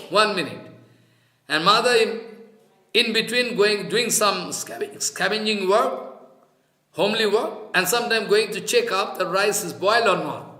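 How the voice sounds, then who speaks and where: High-voiced man giving a reflective sermon. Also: sharp tone. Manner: slow and reflective, chanting Sanskrit verses and explaining them. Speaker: spiritual teacher. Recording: roomy echo.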